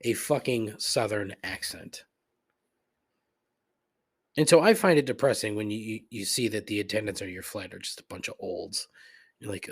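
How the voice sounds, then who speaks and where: A middle-aged man hosts a podcast, ranting in a casual, comedic, profane and rambling way, griping with frequent laughs and asides. His voice is lowish and husky, at normal speed, with frequent pauses.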